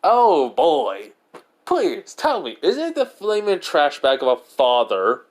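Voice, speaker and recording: A man voicing a cheeky, sarcastic eighteen-year-old boy turned ice spirit, in a loud voice pitched above his own. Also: sing-song, slow pace. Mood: cocky teasing. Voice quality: loud, higher than his narrating voice. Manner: brash, mocking.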